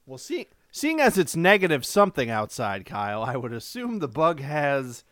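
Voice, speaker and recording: This man co-hosts a podcast, swearing freely as he animatedly tells stories in a casual conversation. His voice is medium-pitched at a normal pace, captured with clean studio sound and no echo.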